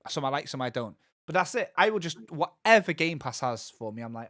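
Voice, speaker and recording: A man's voice: fairly high pitch, very animated, fairly quick, fairly bright tone, dry recording. Chatty man, dry close sound. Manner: rambling, many restarts and asides. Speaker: podcast co-host. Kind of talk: casual chat.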